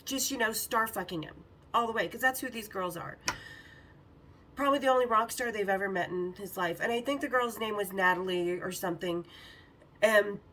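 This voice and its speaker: A woman podcast host telling a story casually, animated and profane, acting out quotes. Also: medium pitch, normal speed, distant mic, a little hiss or hum, low-quality recording.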